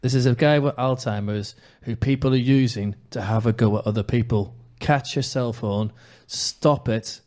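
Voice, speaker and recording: Fired-up guy hosting a footy podcast, going off on a rant, normal pitch. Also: normal speed, few pauses, a little mellow. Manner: impassioned, emphatic ranting. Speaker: podcast host. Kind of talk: casual football podcast chat.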